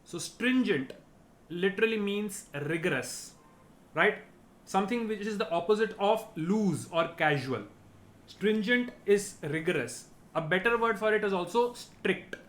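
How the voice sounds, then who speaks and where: A man's voice: sits high, expressive, unhurried, a bit bright. A man giving a vocabulary lesson, explaining each word and checking in with "right?". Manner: explanatory, repeats key words, ends points with "right?". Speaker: teacher.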